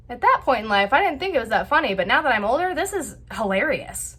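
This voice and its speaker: A woman's voice: fairly high pitch, fast, hardly any pauses, breathy edge. Chatty woman telling a family story. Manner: chatty, animated, heavy on filler words. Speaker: vlog host. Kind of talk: casual storytelling.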